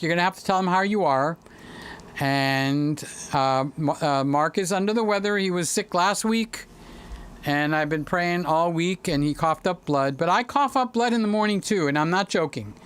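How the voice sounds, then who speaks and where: A man with a clean, fairly bright voice on the high side talks at a moderate pace. Hosting a casual livestream from his home studio room, he reads comments, chats with viewers by name, and occasionally sings to them.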